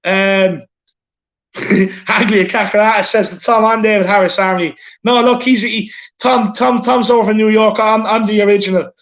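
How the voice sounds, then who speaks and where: A man with an Irish accent and a notably high voice hosts a casual live stream, recorded on a phone. He talks in a chatty, repetitive way and keeps calling people "lad" and "my man.". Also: fairly even intonation, moderate pace, a bit bright, muffled recording. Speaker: show host reading super chats.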